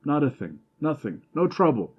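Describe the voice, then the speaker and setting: A man voicing a drunk, boastful old Italian fishing guide who talks rapidly in broken English. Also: on the high side, big pitch swings, slightly rough, highs cut off, pitched above the performer's own voice.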